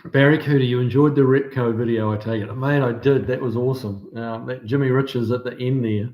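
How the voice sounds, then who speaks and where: A man's voice: mid-range voice, steady tone, fairly quick, a little mellow. A man with a New Zealand accent hosting a livestream, chatting casually and reading out viewer comments with lots of ums and restarts. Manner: laid-back, many ums and restarts. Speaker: livestream host. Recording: roomy echo.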